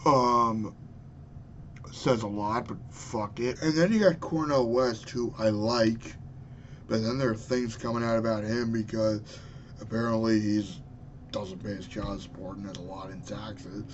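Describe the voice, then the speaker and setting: A man's voice: on the low side, fairly even intonation, unhurried, highs cut off, a little hiss or hum. A man in his twenties ranting angrily and profanely about politics into his webcam. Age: 20s. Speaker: vlogger. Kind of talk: political rant.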